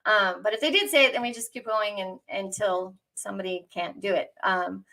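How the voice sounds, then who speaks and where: A woman's voice: mid-range voice, moderate pace, pushed and bright. A woman presenting to a business audience, chatty and upbeat, with frequent fillers and small laughs. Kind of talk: conference session talk.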